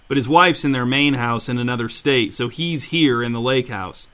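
A man's voice: mid-range voice, normal speed, fairly bright tone, close to an everyday voice. A man reading the part of a scheming teenage boy who leads his friends, with a clipped, insistent delivery. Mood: calm, scheming. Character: scheming teen boy ringleader, cold and commanding.

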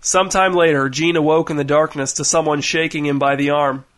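A man narrating a story, slightly high voice. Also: fairly even intonation, a little fast, fairly bright tone. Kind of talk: audiobook narration.

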